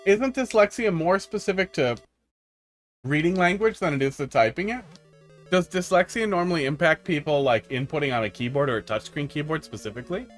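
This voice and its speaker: A man's voice: fairly high pitch, fairly quick, soft background music. A man from the United States giving casual, joking live-stream commentary on viewer-made game levels, rambling and laughing often.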